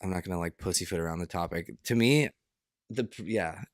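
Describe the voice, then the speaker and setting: A man's voice: deep voice, a little fast, dry recording, clean studio sound. A young man co-hosting a podcast, talking in a rambling, hesitant way with many restarts and fillers. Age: young adult. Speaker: podcast co-host. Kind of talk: casual chat.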